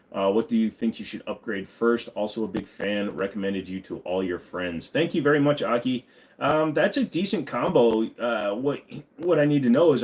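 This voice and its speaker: A man hosting a casual livestream, reading viewer questions aloud and answering offhand with lots of ums and uhs. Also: deep voice.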